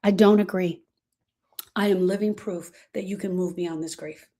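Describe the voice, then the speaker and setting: A woman's voice: lowish voice, fairly even intonation, normal speed. Emphatic woman grief coach. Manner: emphatic and repetitive, swinging between soft and loud; addresses listeners as "girl". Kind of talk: motivational talk to viewers.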